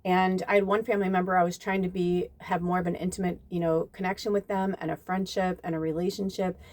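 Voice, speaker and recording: A young woman who is a psychic medium gives a tarot reading, telling viewers a personal story in casual talk. Her voice is fairly low and she speaks fast, emotional and near tears, swearing freely and quoting others in lively voices.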